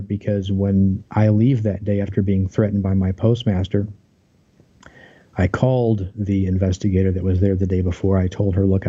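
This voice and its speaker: A man's voice: sits low, dark tone, breathy edge, dull audio. A man as an interview guest, earnestly telling his story of a workplace conflict, aggrieved, with many restarts.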